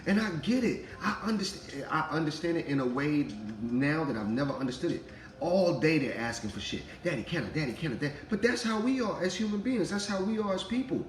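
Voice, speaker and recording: Man, 30s; lively preachy spiritual talk, echoey room, faint music underneath. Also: on the high side, fairly quick. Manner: animated, preachy, laughs while talking, acts out voices. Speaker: spiritual vlogger, father. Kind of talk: casual spiritual monologue.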